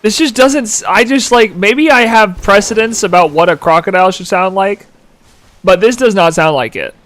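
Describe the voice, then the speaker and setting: A man's voice: high voice, normal speed, fairly bright tone. A man in his twenties streaming a game live, chatting casually, giggling and answering chat aloud. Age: 20s. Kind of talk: casual gameplay commentary.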